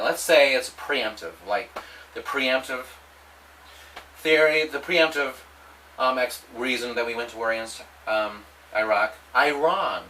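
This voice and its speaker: A man delivering a rambling, provocative monologue, halting often and restarting his sentences. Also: mid-range voice, a bit bright, recorded from a distance, a little hiss or hum, low-quality recording. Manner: halting, with many restarts and repetitions. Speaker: vlogger.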